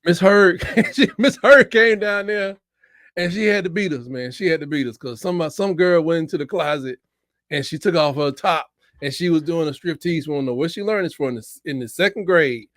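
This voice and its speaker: A man's voice: fairly high pitch, animated, moderate pace, fairly bright tone, no room sound, studio quality. A man co-hosting a casual sports debate, telling stories playfully and laughing often. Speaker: co-host, Alabama fan.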